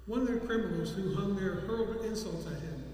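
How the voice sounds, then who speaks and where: A man reading scripture aloud in a church service, halting and restarting now and then. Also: sits high, expressive, dark tone, heavy reverb, in a large hall, slight background noise. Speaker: scripture reader.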